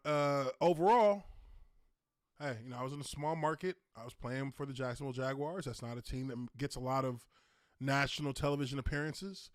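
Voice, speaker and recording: A man, a former pro lineman hosting a casual livestream Q&A, telling stories with loud laughs, exclamations and profane asides. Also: mid-range voice, dry recording, clean studio sound.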